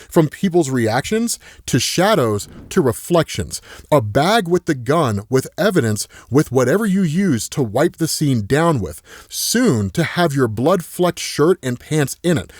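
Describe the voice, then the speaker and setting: A man voicing a grim male vigilante detective, speaking in a low, measured way. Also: a little mellow, no room sound, clean studio sound.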